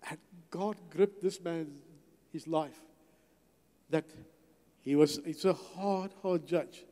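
A man's voice: fairly high pitch, slow pace, long pauses, warm tone. An older man giving a testimony sermon as a guest speaker in a church, telling his story and acting out the dialogue. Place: church hall. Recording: long hall reverb.

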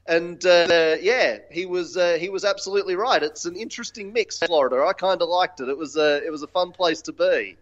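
A man from Australia, a guest in a casual interview, talking in a halting way with many fillers and restarts. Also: sits high, highs cut off.

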